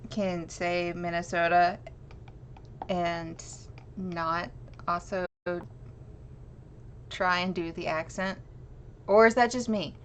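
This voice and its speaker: A woman's voice: on the low side, fairly bright tone. A woman chatting with viewers on a live stream, reading an old news clipping aloud and giggling at herself. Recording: slightly dull lo-fi stream audio with faint noise.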